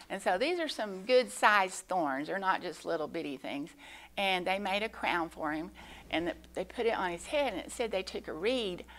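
Woman, lowish voice, Sunday school teacher, patient, halting delivery. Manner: gentle, explanatory, many pauses and fillers. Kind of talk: children's Bible lesson. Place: church.

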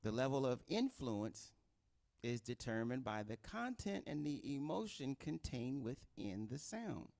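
A man's voice: medium pitch, sing-song, measured pace, vocal fry, a little mellow. A middle-aged man preaching an informal sermon, talking conversationally and acting out quoted voices. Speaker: pastor.

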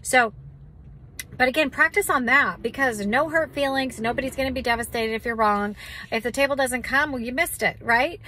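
A woman's voice: sits high, moderate pace, sharp tone, slight background noise, poor audio. Chatty woman teaching on prophecy. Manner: chatty, loose, many fillers and restarts. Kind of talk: casual spoken teaching.

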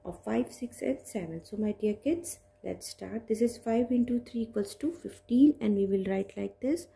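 A woman with an Indian English accent teaching a maths lesson to small children, slow and patient, repeating each step. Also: mid-range voice, creaky, warm tone. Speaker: kindergarten teacher.

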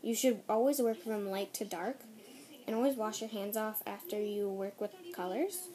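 A woman's voice: medium pitch, lively intonation, moderate pace, dark tone. A teenage girl vlogger chatting casually through an unboxing, bubbly and gushing, giggling often. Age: teens.

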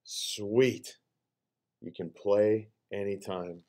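A man voicing a bossy, playful male character from a picture book, reading it aloud in an excitable, animated way. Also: fairly low pitch, drawn-out words. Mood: relieved, grudging.

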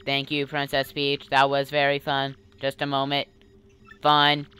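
Curious game computer, woman voicing, low, formal, precise. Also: monotone, measured pace, fairly bright tone, clear, resonant tone. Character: polite male computer, curious about feelings.

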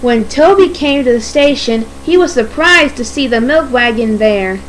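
Female storybook narrator, high and unhurried, expressive read-aloud. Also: a little hiss or hum, low-quality recording. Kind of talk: storybook reading.

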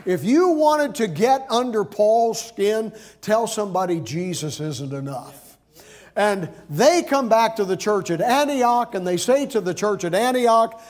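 A man's voice: high-pitched, expressive, a little slow, darkish tone. A male pastor preaching an earnest sermon, explaining scripture step by step.

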